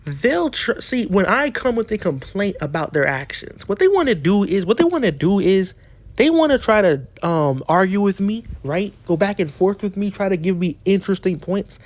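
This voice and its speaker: A man's voice: high-pitched, sing-song, normal speed, no echo. A man ranting as a YouTuber in a heated, profane way, often restarting his sentences. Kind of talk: ranting commentary.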